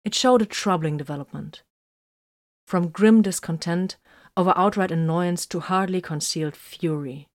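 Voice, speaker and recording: Woman narrator, low voice, steady audiobook reading. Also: moderate pace.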